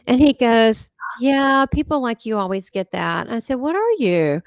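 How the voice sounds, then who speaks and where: A woman with a somewhat high voice tells a personal story in casual chat, jumping up and down in pitch as she acts out what others said. The recording is dry and close, with no room sound. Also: moderate pace, few pauses, no echo. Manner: animated storyteller, acts out quoted dialogue with big pitch jumps. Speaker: host. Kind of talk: casual chat recounting experiences.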